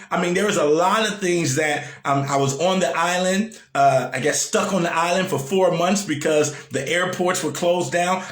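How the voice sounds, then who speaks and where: A man speaks in a casual motivational style, hammering points home by saying them again and asking his listeners direct questions. His voice sits a bit high for a man. The sound is roomy, with a clear echo around him. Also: fairly bright tone. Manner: conversational, repeats lines for emphasis, asks the listener questions. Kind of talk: casual motivational talk to an online audience.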